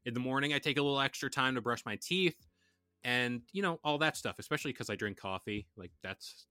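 Bright-voiced young man, joking podcast chat. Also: medium pitch, a little fast, clean tone, dry recording, clean studio sound, soft background music. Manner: joking, rambling, many fillers. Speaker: podcast co-host. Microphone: studio podcast mic.

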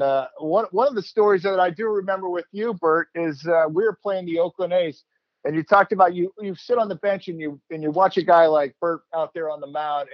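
High-voiced animated male storyteller. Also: dry recording. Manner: animated, laughing, acts out quotes. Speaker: host, former player. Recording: dull, lo-fi dry sound.

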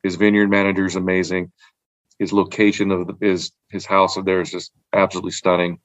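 A man's voice: low-pitched, completely flat delivery, brisk, no echo, rough recording. A man in casual chat, rambling about wine with repeated words and frequent laughs. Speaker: podcast guest, wine collector.

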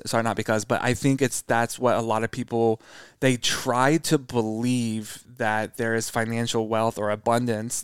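A man's voice: mid-range voice, smooth, no room sound, studio quality. A man from the American South talking in a casual, reflective conversation, earnest and thoughtful, often rephrasing as he goes.

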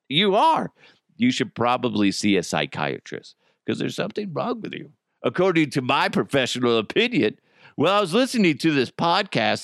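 A man's voice: mid-range voice, very animated, a little slow, a bit bright, no room sound, clean studio sound. A man hosting a solo podcast, ranting profanely and mocking his targets. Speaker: podcast host.

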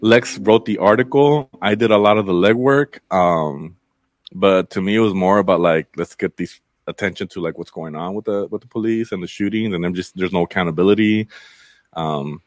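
A man's voice: low voice, moderate pace, no echo, clean studio sound. A young adult man, a podcast guest, talking in casual conversation, candid and rambling, with many fillers and some swearing.

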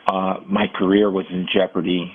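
A middle-aged man telling personal stories in an interview, earnest and halting, often restarting his sentences. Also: low-pitched, flat delivery, slight background noise. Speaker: guest, former football player. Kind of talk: candid interview storytelling. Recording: tinny phone-like audio.

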